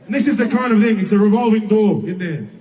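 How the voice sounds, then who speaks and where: A man giving an emphatic public speech to a crowd, shouting some phrases and joking between them. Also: high voice, lively intonation, fast talker. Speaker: rally speaker. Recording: distant mic with faint outdoor noise.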